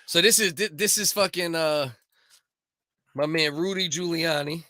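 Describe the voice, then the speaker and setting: A man's voice: a little high, unhurried, sharp tone, no room sound, clean studio sound. A man from Staten Island with a New York accent, co-hosting a podcast in crude, rambling, laugh-filled banter. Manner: rambling, laughs often, swears a lot. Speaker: podcast co-host.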